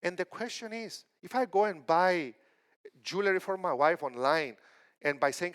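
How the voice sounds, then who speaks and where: Animated man giving a keynote talk. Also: high voice, moderate pace, clean tone. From Cyprus. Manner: animated storytelling with acted quotes. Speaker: keynote speaker.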